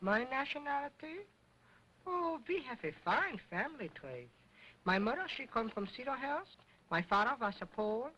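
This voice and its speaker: A man's voice: very high voice, very animated, moderate pace, sharp tone, lo-fi sound, heavily acted. A man voicing a cheeky, wisecracking wooden dummy in early sound film acting, talking back in broken grammar. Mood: sassy. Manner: sassy, broken grammar, mocking.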